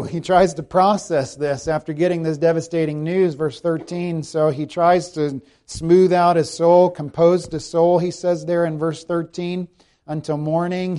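Male pastor, expository sermon, reads scripture slowly; a touch higher than average pitch. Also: dark tone. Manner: expository preaching, rhetorical questions to the congregation.

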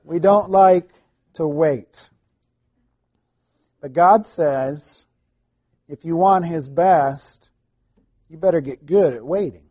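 A man's voice: on the high side, slow pace, long pauses, darkish tone, dry recording, muffled recording. A middle-aged man preaching a sermon in a conversational way, with asides and restarts. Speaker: pastor.

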